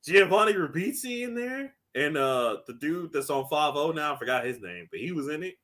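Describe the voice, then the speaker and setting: A man co-hosting a casual podcast, animated and laughing often as he acts out movie lines. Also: fairly high pitch, moderate pace. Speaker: podcast co-host. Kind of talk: casual chat.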